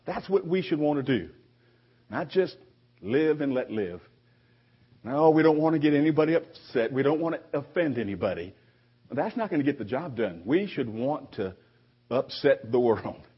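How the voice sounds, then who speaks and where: A man preaching a sermon to his congregation, conversational, with frequent restarts and lively quoted voices. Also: mid-range voice, breathy edge. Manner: conversational preaching with repeated restarts, animated quoting. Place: church sanctuary. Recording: dull lo-fi recording.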